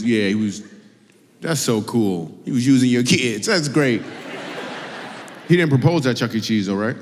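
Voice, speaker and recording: Man, stand-up comic, animated, teasing, stage mic, large hall reverb, faint crowd ambience. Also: mid-range voice, slight background noise. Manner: animated, teasing, laughs often. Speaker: comedian.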